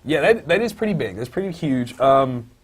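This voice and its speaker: A man with a middle-pitched voice chats casually as co-host of a comic book review podcast. He thinks aloud with many fillers and hesitations. When something excites or disgusts him, he breaks into loud, high-pitched outbursts. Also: moderate pace, breathy edge. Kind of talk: casual chat.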